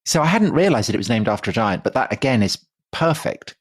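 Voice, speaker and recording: Male co-host, expressive pitch, a touch husky, playful and enthusiastic. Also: quick pace. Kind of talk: casual history podcast chat.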